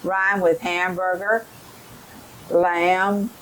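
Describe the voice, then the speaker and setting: A middle-aged woman giving a teacher training lesson, explaining in a slow, careful way and modelling rhyming drills for children. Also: lowish voice, level tone, fairly bright tone, low-quality recording.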